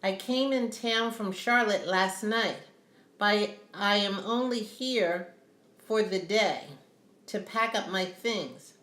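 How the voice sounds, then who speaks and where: A woman reading the part of a polite young man with an African accent, in measured, formal speech. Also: high voice, bright, forceful tone, pitched above the performer's own voice, heavily acted. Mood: earnest. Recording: roomy echo.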